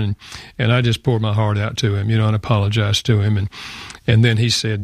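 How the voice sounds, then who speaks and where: Gravelly older man telling a story. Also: fairly low pitch, fairly quick, no echo, studio quality. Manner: earnest, reflective, with fillers and laughs. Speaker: author and guest. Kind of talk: personal storytelling in a radio interview.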